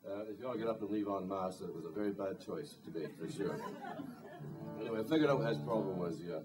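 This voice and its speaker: A man's voice: low voice, fast, over a noisy crowd. A man and singer-songwriter introducing a song at a live concert, telling a rambling story with dry humor. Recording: distant live concert recording, faint guitar.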